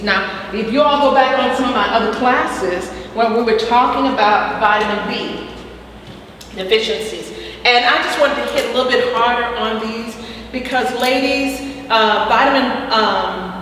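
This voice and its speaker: A woman teaching a casual spiritual health class who peppers her talk with hallelujahs and fillers, speaking in an echoey room. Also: a little high. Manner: warm and preachy, frequent hallelujahs and fillers. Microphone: far from the mic. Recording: echoey distant room with faint noise.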